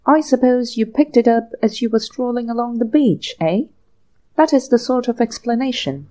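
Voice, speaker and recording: A woman reading the part of a crisp, businesslike detective inspector of about forty in a storybook. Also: on the high side, expressive, normal speed, mellow, voice pushed up, lightly acted. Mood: dry. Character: crisp Scotland Yard inspector, man about forty, sure of himself.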